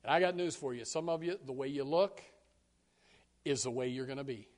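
A pastor preaching a sermon, repeating key words for emphasis and stumbling over restarts, swinging from low and quiet to high and loud. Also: male voice, brisk.

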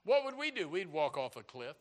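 A man's voice: a little high, big pitch swings, brisk, big-room sound. A man preaching a folksy sermon, exclaiming praise and often stammering into restarts.

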